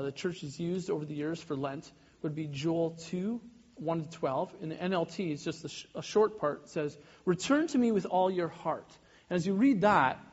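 Guy pastor in his 30s preaching, kinda raspy, keeps restarting sentences, muffled recording. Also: on the high side. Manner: animated, self-interrupting, acts out little scenes. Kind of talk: sermon.

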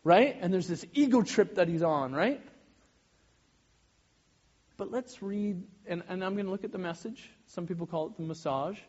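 A man in his thirties, a pastor giving a sermon, animated and often breaking off mid-sentence to act out little scenes. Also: sits high, moderate pace, pauses often, muffled recording. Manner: animated, self-interrupting, acts out little scenes.

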